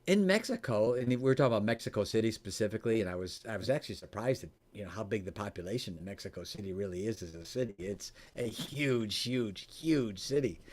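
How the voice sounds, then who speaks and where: A man telling a story in conversation, animated and laughing often, his voice jumping high when excited. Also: quick pace, hardly any pauses. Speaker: coach and former radio host.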